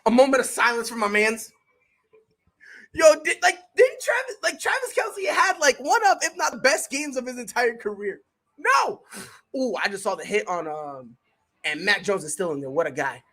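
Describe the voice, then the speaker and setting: A streamer giving casual live play-by-play commentary, slangy and excitable, chatting with viewers between plays. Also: medium pitch, moderate pace. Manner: excitable, bursts into shouted reactions and laughter. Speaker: sports streamer.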